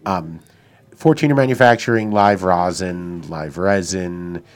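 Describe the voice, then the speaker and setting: A man co-hosting a casual podcast, jokey and quick to laugh while reading sponsors. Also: sits low. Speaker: podcast co-host. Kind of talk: casual studio banter.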